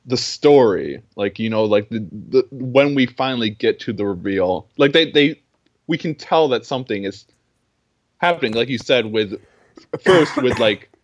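A man's voice: medium pitch, lively intonation, normal speed. A young man in casual film discussion, earnest and rambling, with many fillers and restarts. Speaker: film podcast co-host.

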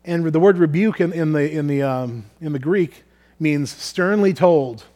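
A man delivers a sermon in a fairly high voice. He speaks earnestly, often doubling back on words as he thinks aloud. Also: unhurried, dark tone. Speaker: preacher. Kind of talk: sermon with scripture reading.

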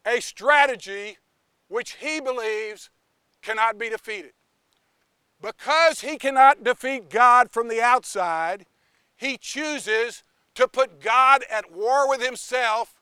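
High-voiced, animated male preacher. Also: clean tone, dry recording. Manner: animated, theatrical. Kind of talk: storytelling sermon.

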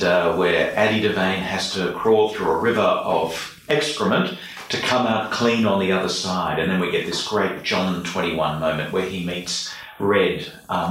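A man's voice: low voice, a bit bright. An Australian man, a priest, earnestly telling stories and reflecting during an interview. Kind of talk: storytelling in an interview. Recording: echoey room, mic far off.

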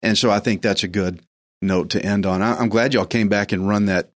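A man's voice: on the low side, fairly even intonation, a little fast. A man hosting a faith program, preaching in an earnest, urging way and repeating his phrases. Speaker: host, preacher. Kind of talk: sermon-style radio devotional.

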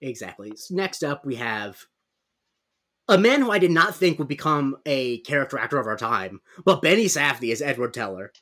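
A man guest on a podcast, running through a film's cast with quick, sarcastic remarks. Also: mid-range voice, very animated, a bit bright. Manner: quick, sarcastic, list-driven. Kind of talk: casual film review chat.

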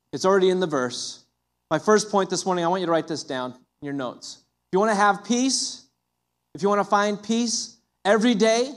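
A man preaching a sermon as a pastor, animated, often acting out the voices of his listeners. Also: high-pitched.

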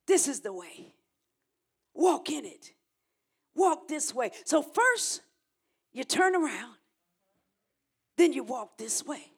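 A middle-aged woman pastor preaching a sermon, shouting in rhythmic repeated phrases and calling on the congregation to respond. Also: sits high.

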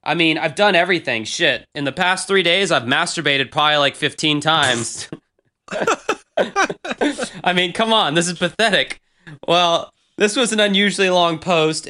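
A man's voice: fairly high pitch, sharp tone. A man in his thirties, casually chatting as a podcast host, rambling and crude with self-mocking humor. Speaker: podcast host reading old diary posts. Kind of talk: casual chat.

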